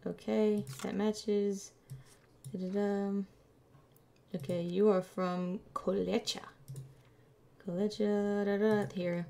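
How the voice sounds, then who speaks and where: A woman streamer casually commenting on a game, muttering to herself as she checks documents, playful and unhurried. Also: medium pitch, little pitch movement, gravelly, warm tone. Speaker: gameplay streamer. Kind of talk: casual let's-play commentary.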